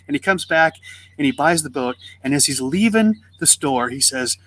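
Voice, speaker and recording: A man on a faith podcast, telling a parable and acting out its voices with lively swings in his delivery. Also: a little high, quick pace, a little hiss or hum. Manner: animated storyteller, acts out the voices in his story. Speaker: podcast co-host. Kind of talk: faith podcast conversation, storytelling.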